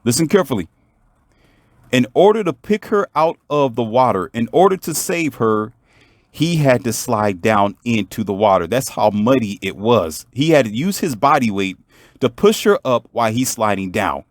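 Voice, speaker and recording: A man with a mid-pitched voice tells a motivational story, emphatic and preachy. He talks straight to the viewer, and the recording is close and dry. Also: animated, normal speed, dry recording. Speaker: vlogger.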